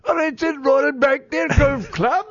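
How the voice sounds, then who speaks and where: A man's voice: moderate pace, no room sound. A man putting on a shaky mock-British accent that drifts from Cockney toward Scottish, playing a hammy golf announcer over a dull, dry studio line. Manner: over-the-top put-on accent, high and sing-song.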